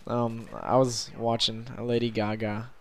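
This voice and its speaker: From bed late at night, a young man talks through his gameplay in a rambling, self-conscious way, with many ums in the pauses. His mid-range voice has little pitch movement, and a slight hiss or hum can be heard.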